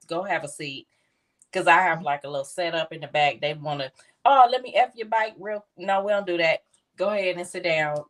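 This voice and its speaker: A woman's voice: sits low, fairly bright tone. A woman co-hosting a live podcast, talking sassy and emphatic in casual banter. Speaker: co-host.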